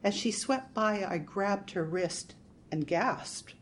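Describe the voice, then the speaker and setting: A woman narrating a first-person audiobook in a measured storytelling manner. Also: medium pitch.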